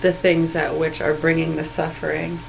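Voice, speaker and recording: A female vlogger with a low, level voice and vocal fry rants into her phone at a moderate pace. She is angry, profane and sarcastic, mocking people amid bursts of laughter. The phone video recording has background noise.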